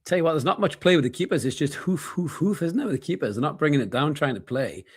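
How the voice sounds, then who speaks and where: A man, co-hosting a casual live football watchalong, chatty and quick to swear and laugh. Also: fairly high pitch, lively intonation, breathy edge. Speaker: co-host of a football watchalong stream. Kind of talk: casual live match chat.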